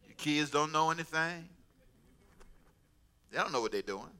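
A middle-aged man preaching a sermon as pastor, animated and humorous, with asides. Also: on the high side, normal speed, clean tone.

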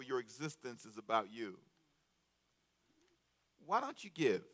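A man preaching a sermon as a pastor, animated and calling out to his congregation, often repeating words. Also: mid-range voice, moderate pace, long pauses.

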